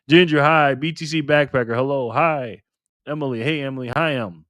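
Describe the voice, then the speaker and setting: A man's voice: mid-range voice, moderate pace, a bit bright, dry recording, muffled recording. A man hosting a casual livestream, cheerfully greeting viewers by name one after another. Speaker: livestream host.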